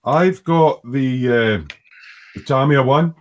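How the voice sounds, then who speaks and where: A man's voice: medium pitch, takes it slowly. Scottish man hosting a hobby chat. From Scotland. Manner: hesitant, many fillers and restarts. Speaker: host of a model-building live stream. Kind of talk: casual group chat.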